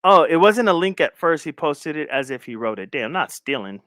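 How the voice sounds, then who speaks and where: A man's voice: on the high side, very animated, normal speed, fairly bright tone, dry recording, studio quality. A man hosting a casual live stream, talking loosely in slang and repeating his phrases while he shares his screen. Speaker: live stream commentary host.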